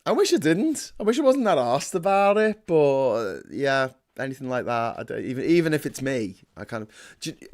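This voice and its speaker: A man hosting a casual livestream, rambling and self-deprecating, full of fillers and restarts. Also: mid-range voice. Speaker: host.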